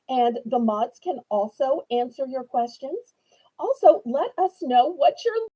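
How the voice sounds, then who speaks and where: Sweet and eager, a New Orleans woman runs a live-stream auction, keeping up a warm sales chat. Her voice sits high, sounding warm and husky, on a rough recording.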